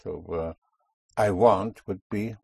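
Slow, husky male language teacher. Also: on the low side, dry recording. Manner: patient, repeats and corrects answers. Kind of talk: guiding a student through spoken drills.

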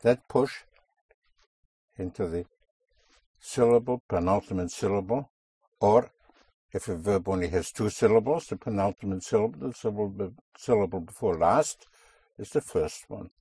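A man's voice: fairly low pitch, normal speed, pauses often, warm tone, husky, no echo. A man teaching a language lesson, patiently repeating and correcting a student's answers. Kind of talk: guiding a student through spoken drills.

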